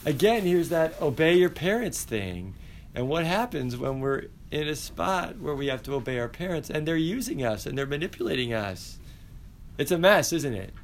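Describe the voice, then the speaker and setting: A male teacher giving an animated, playful class lecture and asking his students questions. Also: fairly high pitch, moderate pace, slight background noise. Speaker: high school teacher.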